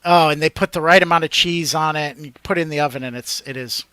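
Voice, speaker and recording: A man from Connecticut co-hosting a podcast, chatting casually and telling stories with enthusiasm, letting his sentences trail off quietly. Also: fairly high pitch, fast talker, clear, resonant tone, no room sound. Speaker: podcast co-host. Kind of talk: casual chat.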